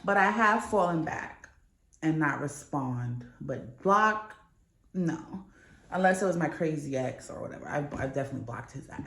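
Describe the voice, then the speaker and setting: A woman's voice: sits low, animated, normal speed, fairly bright tone, roomy sound. A young woman vlogging in a casual, candid chat, swearing freely as she tells a story. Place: New York.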